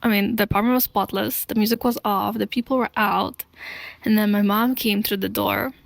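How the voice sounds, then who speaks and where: A woman telling her own life story to camera in an earnest, deliberate way, pausing between short phrases. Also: mid-range voice, fairly even intonation, creaky, no room sound. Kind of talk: slow confessional storytelling.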